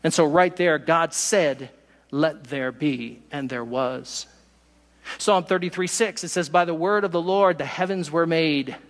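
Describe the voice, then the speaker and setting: A man preaching a sermon as pastor, emphatic, speeding through asides and slowing down to stress key words. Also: fairly high pitch, long reverb tail. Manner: emphatic preaching, pace shifting from quick asides to slow stresses.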